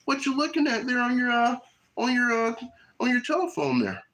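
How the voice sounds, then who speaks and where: A man mimicking a high, nosy busybody. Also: very animated, normal speed, a bit bright, heavily acted. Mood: prying. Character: nosy mocking man prying at a phone.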